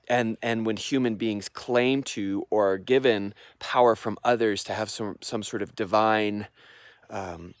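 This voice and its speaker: A man with a fairly low voice, teaching breathwork in a thoughtful, unhurried manner, with fillers and demonstration breaths. He is recorded outdoors in the mountains by a river, yet the sound of his voice stays dry and close. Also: no room sound. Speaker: meditation teacher. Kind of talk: casual explanatory vlog.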